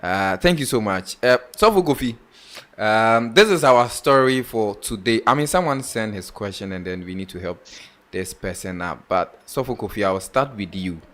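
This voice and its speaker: A man's voice: fairly low pitch, lively intonation, moderate pace, fairly bright tone. A man hosting a radio talk show, thanking his guest and moving into the next listener question with loose restarts. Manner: brief affirming responses, loose restarts.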